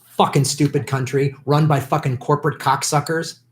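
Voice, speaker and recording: A man's voice: on the high side, fairly even intonation, normal speed. A man hosting a political livestream, ranting angrily and profanely at politicians in an unscripted commentary. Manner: profane, shouting, bitter ranting.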